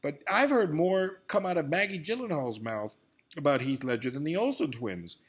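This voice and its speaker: A man's voice: on the high side, lively intonation, normal speed, slightly rough. A man in a rambling, profane vlog rant about celebrity news, swinging between grumbling and outbursts. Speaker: vlogger.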